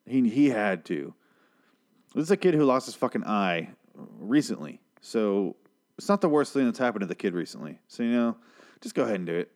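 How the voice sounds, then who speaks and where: A man's voice: medium pitch, very animated, fairly quick. A man giving a rambling, casual recap of a TV episode, swearing often and adding sarcastic asides. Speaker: show recapper.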